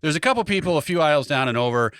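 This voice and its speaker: A man's voice: fairly high pitch, very fast, smooth, no echo. A man co-hosting a podcast, a comedian telling a story in casual chat, acting out the quotes. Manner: animated, acts out quotes in other voices.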